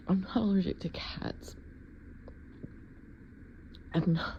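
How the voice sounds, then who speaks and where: Woman with a gravelly, low, lively voice. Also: slow, long pauses, a little hiss or hum. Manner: coos to a pet, then stammers flustered denials. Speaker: solo scenario creator. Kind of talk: acted solo sneeze scenario.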